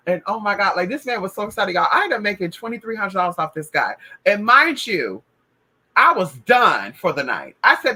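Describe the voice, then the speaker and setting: Sassy husky-voiced woman. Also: medium pitch, fairly quick, low-quality recording. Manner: sassy, profane, animated. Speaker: spiritual practitioner. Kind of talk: casual spiritual storytelling.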